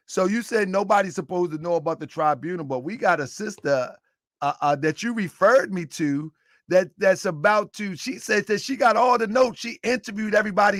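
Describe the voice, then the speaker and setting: A man hosting a live stream, repeatedly cutting in to calm his guests. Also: high-pitched, no echo, clean studio sound. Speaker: host.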